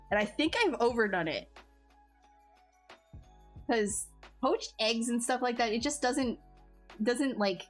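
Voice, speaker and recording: A woman's voice: a little high, fairly bright tone. A woman streamer chatting casually with her viewers, bubbly and talkative, laughing often and restarting her sentences. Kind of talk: casual chat with live chat. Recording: faint music behind.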